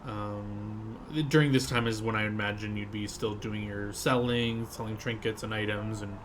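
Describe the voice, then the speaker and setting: A man's voice: lowish voice, little pitch movement, normal speed, noisy background. A man running a tabletop game, narrating in a loose, rambling way with many fillers. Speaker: game master.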